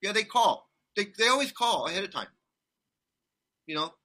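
A man's voice: high voice, very animated, normal speed, bright, forceful tone. A man telling a rambling travel story in casual chat, laughing often and restarting his sentences. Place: condo abroad.

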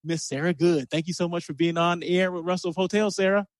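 A man's voice: high-pitched, fast talker, no room sound. A man hosting an interview show, reading a guest introduction aloud with stumbles and restarts, then chatting eagerly. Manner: reads intro with stumbles, animated. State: out of breath after the intro. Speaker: host. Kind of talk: casual interview.

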